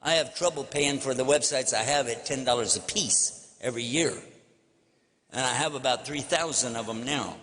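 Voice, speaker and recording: An older Texan preacher of Islam lectures in a large convention hall, where a long reverb trails his words. His mid-range voice is fairly bright and moves at a normal speed as he tells folksy stories and acts out phone conversations.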